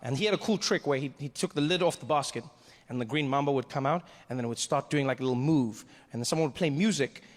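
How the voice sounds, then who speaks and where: A middle-aged male comedian telling a stand-up story in a lively, animated way, often laughing through his punchlines. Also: mid-range voice, fast. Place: stage in a large venue. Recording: hall reverb, faint crowd ambience.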